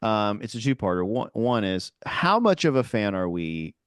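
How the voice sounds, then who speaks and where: Male podcast co-host, easygoing and rambling, smooth voice, bouncy intonation. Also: fairly low pitch, very animated, moderate pace, dry recording, studio quality. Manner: easygoing, rambling, full of filler words. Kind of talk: casual chat.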